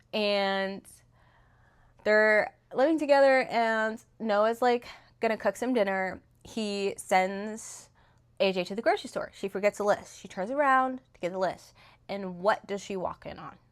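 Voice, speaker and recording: A young woman chats casually about a novel, retelling its plot in a rambling way full of fillers and restarts. Her mid-range voice is smooth and a little slow. She's a book reviewer, and the clip was recorded on a phone.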